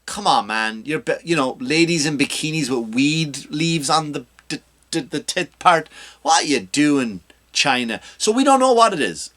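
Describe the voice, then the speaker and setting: Guy comedian ranting on his podcast, kinda higher voice, pokes fun at himself. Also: normal speed. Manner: ranting, animated and self-mocking. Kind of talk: comedic rant monologue.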